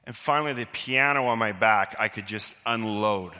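A man telling a personal childhood story live, animated and self-deprecating, acting out the quotes. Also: lowish voice, normal speed, smooth. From Canada. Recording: long hall reverb.

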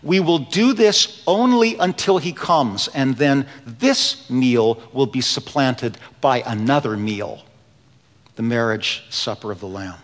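A man preaching a sermon in a church, telling stories earnestly, dropping to a hush and then building with emphasis. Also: mid-range voice, expressive, takes it slowly. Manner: earnest storytelling preacher, swings between hushed and rising emphasis. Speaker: pastor. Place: church sanctuary. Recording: long reverb of a large hall.

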